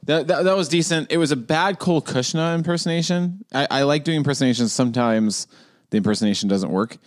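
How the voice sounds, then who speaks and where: A man's voice: fairly high pitch, fast. A man co-hosting a podcast, chatting casually and playfully, often laughing. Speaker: podcast co-host. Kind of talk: casual chat.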